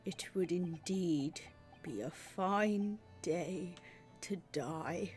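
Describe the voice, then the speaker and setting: Woman doing a mournful British gentleman detective. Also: on the low side, faint music behind, voice pushed down. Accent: British, put on. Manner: slow, mournful, melodramatic sighing delivery. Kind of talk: reading game dialogue aloud.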